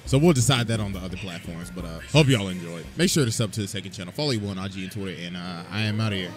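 A man casually narrating a comedic anime recap in an animated, playful way, full of crude slang. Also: deep voice, racing. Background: music.

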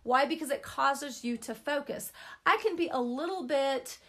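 A woman's voice: sits high, normal speed, fairly bright tone. A middle-aged woman giving an informal Christian teaching talk, chatty and emphatic, repeating words for stress.

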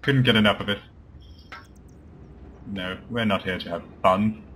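A man with a fairly low voice talks through his game at an unhurried pace, chatting to his characters and joking about what happens. There is a faint hiss behind him. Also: fairly bright tone. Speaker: let's play commentator. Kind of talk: casual gameplay commentary.

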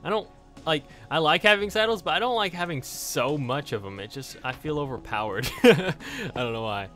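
Excitable gaming man, lively bright voice. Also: on the high side, normal speed, soft background music. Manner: excitable, exclaims and laughs often; talks directly to viewers. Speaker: gaming YouTuber. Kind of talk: Let's Play commentary.

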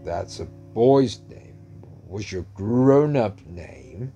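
Old street beggar, gruff, terse, slow dark drawl, voiced by a man, storybook reading. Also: on the low side, lively intonation, lo-fi sound, faint music behind, full character voice. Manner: slow, grudging, clipped.

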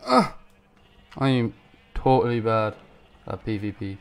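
A man giving casual gameplay commentary, panicking, swearing and yelling at enemies. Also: on the low side, expressive, unhurried, clear, resonant tone. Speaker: gaming YouTuber.

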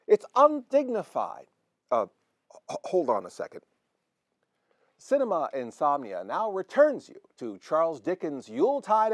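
A man's voice: a little high, a little mellow, no echo, studio quality. A man hosting a late-night movie show in a comedy sketch, sick with a cold and coughing. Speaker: horror movie host.

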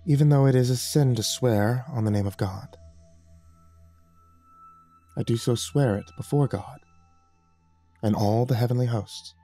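A man voicing a calm, impassive male angel who speaks in a measured, quiet, controlled way in a horror story reading. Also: mid-range voice.

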